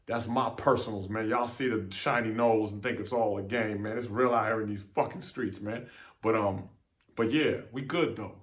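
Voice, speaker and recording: A man's voice: on the low side, normal speed. A young man talking straight to camera in a casual, profane monologue, venting with lots of repeats and fillers. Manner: animated, profane street talk, repeats "man". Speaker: vlogger.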